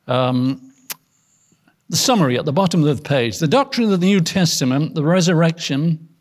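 A man, a pastor, teaching a Bible study class in an earnest way, asking rhetorical questions, his loudness rising and falling. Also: on the high side, animated, moderate pace.

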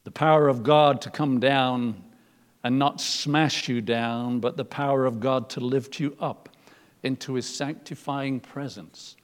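A man preaching a sermon, moving from loud emphatic lines to soft, almost whispered ones. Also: mid-range voice, in a large hall.

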